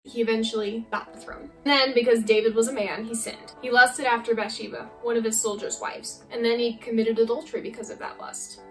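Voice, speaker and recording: A woman with a fairly high voice teaches a youth Bible lesson in a casual, playful way. She sounds a little distant from the microphone. Soft music plays underneath. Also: steady tone, brisk, hardly any pauses. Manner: casual, playful, acts out characters.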